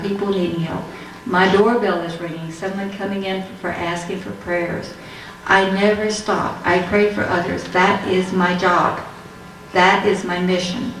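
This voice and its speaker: A woman's voice: medium pitch, distant mic, slight background noise. A woman giving a religious testimony talk, telling her story and acting out the dialogue. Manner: storytelling, acts out quoted dialogue. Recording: echoey hall, heard from afar.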